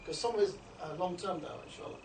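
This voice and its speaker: A man's voice: sing-song, fast talker, creaky. A man giving an informal training talk to a group, chatty and often checking in with "you know" and "yeah?". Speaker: street outreach trainer. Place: indoor meeting room. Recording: low-quality recording, distant mic in an echoey room with background noise.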